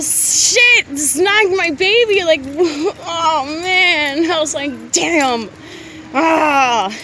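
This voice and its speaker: A woman walking outdoors through a city park, talking into her phone in a rambling, breathy, gushing way full of swearing and exclamations. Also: on the high side, a bit bright. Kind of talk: rambling confessional monologue to an absent lover. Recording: outdoor street noise and traffic. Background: street ambience with passing vehicles.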